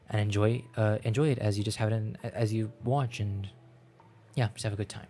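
A man's voice: lowish voice, fairly even intonation, racing, a little mellow. A man chatting casually to viewers while playing a game, rambling and self-deprecating. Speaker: streamer. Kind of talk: casual let's-play chat.

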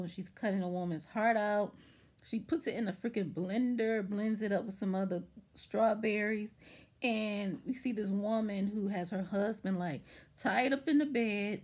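A woman casually recapping a TV episode in a chatty, rambling way, full of fillers and acted-out quotes. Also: medium pitch. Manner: chatty, rambling, lots of "like" and "anywho"; animated retelling with acted-out quotes. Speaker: TV show reviewer.

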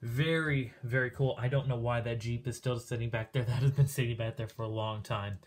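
A man's voice: mid-range voice, steady tone, brisk. A man casually walking through his diecast car collection, rambling with lots of fillers and a bit out of breath.

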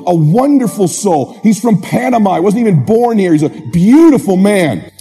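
A man with a fairly high yet mellow, warm voice delivers a motivational speech to a crowd. He tells his story with animated, emphatic energy. Faint music plays underneath. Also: normal speed, husky. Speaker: motivational speaker. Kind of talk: motivational speech to a live audience.

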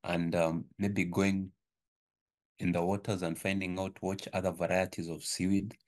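This is a man with an African accent and a notably low voice. He talks haltingly, filling his pauses with "um", as he puts a question to a webinar panel over a video call. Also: flat delivery. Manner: hesitant, many fillers. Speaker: webinar participant.

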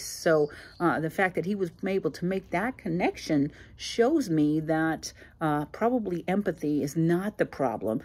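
A woman's voice: sits low, animated, moderate pace, few pauses, slightly rough. A woman in her sixties, hosting her own channel, telling a personal story in a plainspoken, reflective way with frequent fillers. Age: 60s. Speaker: channel host.

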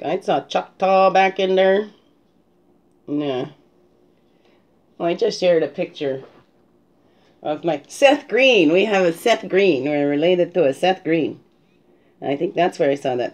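A woman's voice: deep voice, lively intonation, unhurried, long pauses, darkish tone. A woman talking as a spiritual guide, musing and reflective, often checking in with a "right?" as she prepares a card reading. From Canada.

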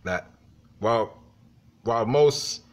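A young man delivering a heated, profanity-filled rant vlog to his viewers. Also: slow pace. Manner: heated, profane, swings in pitch. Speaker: vlogger.

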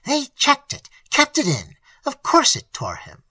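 A reader with a hoarse voice voicing an old male pastor who speaks fervently and emphatically in an audiobook. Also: medium pitch, wildly swooping pitch, measured pace, sharp tone, no room sound, heavily acted. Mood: grave.

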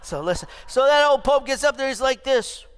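A pastor in his fifties preaching an animated, humorous sermon to his church, with asides to the congregation. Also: very high voice, fairly quick, smooth. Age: 50s. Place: church sanctuary.

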